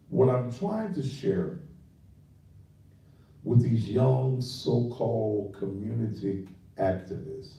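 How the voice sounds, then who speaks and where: Deep-toned man scolding in an echoey room. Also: gravelly, warm tone, far from the mic. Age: older. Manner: preachy and scolding, talking to listeners directly. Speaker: talk show host. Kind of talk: radio commentary.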